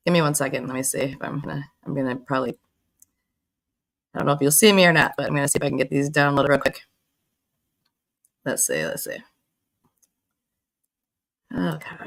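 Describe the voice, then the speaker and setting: Chatty woman with a gravelly low voice. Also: a bit bright. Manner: chatty, greets viewers by name, laughs often. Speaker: livestream host. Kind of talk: casual livestream chat.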